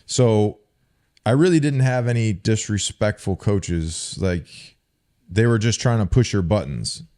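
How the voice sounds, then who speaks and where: A man's voice: fairly low pitch, unhurried, mellow. A man co-hosting a podcast, casually telling profane, sarcastic stories about his old coaches. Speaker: podcast co-host, former football player. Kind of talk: casual chat, storytelling.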